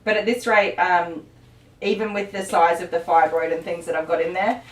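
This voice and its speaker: Chatty woman, low voice, roomy. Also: steady tone, normal speed, far from the mic. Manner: chatty, rambling, frequent ums and laughs. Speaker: dog groomer and live stream host. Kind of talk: casual live stream chat. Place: grooming salon. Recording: roomy, from off the mic.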